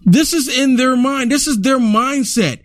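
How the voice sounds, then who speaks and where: A man's voice: very high-pitched, unhurried, dry recording, studio quality. A man giving outraged political commentary over video clips, repeating himself and urging listeners. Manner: indignant, repetitive, urging.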